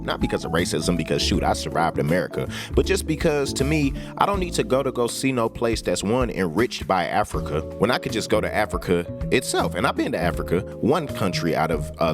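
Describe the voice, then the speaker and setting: A man with a very low voice gives casual commentary as host of a reaction video. He talks in a loose, colloquial way with pointed asides, and music plays clearly under his voice. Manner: conversational, preachy asides, colloquial.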